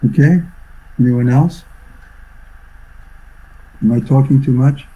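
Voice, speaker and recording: An older man from New York, a swami giving a devotional talk over a video call, telling stories reflectively and clearing his throat often. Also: mid-range voice, slow pace, muffled recording. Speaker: swami teacher. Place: online video session.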